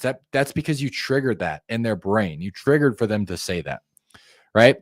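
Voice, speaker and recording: A man's voice: mid-range voice, lively intonation, normal speed, no echo, studio quality. A man teaching sales call technique, talking viewers through a script and acting out how each line should sound. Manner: coaching, demonstrates phone tones by acting out calls; conversational, addresses viewers directly. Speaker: sales trainer. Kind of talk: instructional screen-share walkthrough.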